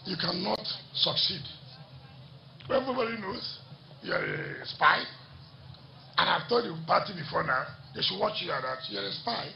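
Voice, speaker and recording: A man's voice: sits high, gravelly. A man gives a defiant political rally speech and repeats lines for emphasis. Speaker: politician addressing a party rally. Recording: dull echoey public-address sound, faint noise.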